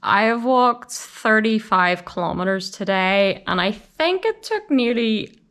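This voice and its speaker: A woman vlogging on a long coastal hike, exhausted but excited, chattering and exclaiming into a handheld camera outdoors. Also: medium pitch, unhurried, no room sound. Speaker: hiker vlogger. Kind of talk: walking vlog. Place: outdoors on a windy coastal trail. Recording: loud music behind voice.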